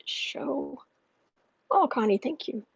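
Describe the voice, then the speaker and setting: A woman's voice: a little high, normal speed, husky, muffled recording. A woman hosting a livestream from home on an earpiece microphone, chatting loosely and reading comments from her chat. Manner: rambling and warm, with frequent fillers and asides. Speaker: astrology and tarot livestream host.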